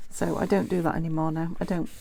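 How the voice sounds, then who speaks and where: A woman's voice: low voice, little pitch movement, fast talker, vocal fry, warm tone. A British woman chatting casually as she works on a craft project, rambling and muttering to herself as she goes. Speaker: craft vlogger. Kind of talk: casual chat while crafting.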